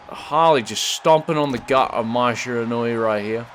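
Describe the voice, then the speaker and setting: A man commentating a wrestling video game match as its host, putting on an American announcer voice and bursting into excited shouting when the action starts. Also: medium pitch, moderate pace, few pauses, slight background noise.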